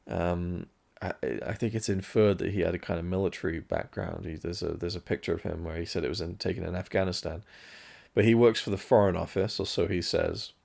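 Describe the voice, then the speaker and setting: A man talks through a film review in a loose, musing way, candid enough to swear now and then. His voice sits very low, with a gravelly fry at the bottom of it. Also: a little mellow. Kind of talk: casual spoken film review.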